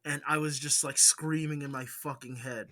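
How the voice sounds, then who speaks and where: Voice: medium pitch, fairly even intonation, moderate pace, a crowd in the background. A podcast co-host in casual chat, blunt and jokey, swearing for emphasis.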